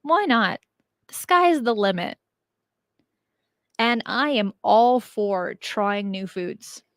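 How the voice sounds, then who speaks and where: A woman's voice: medium pitch, takes it slowly, no echo, studio quality. A young woman hosting her channel, chatting casually and animatedly as she answers viewer questions. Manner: chatty, animated, laughs easily. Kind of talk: casual chat.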